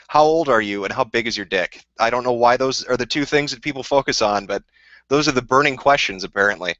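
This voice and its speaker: Guy ranting on his stream, swears a lot, rambles, bright forceful voice, dull dry sound. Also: mid-range voice, dry recording. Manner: profane, rambling, combative. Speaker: live streamer answering viewer questions. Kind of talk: casual ranting live stream.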